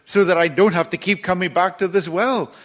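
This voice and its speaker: A woman's voice: lowish voice, a little fast, voice pushed up, natural voice. A male preacher voicing a tired village woman who asks for water, in a raised, pleading tone.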